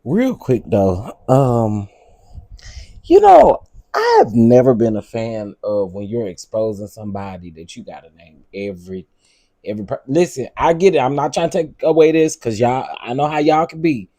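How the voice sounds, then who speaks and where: A man's voice: mid-range voice, big pitch swings, moderate pace, mellow, dry recording. A man hosting a commentary show, giving hesitant, conversational asides. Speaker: commentary host. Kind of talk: casual commentary.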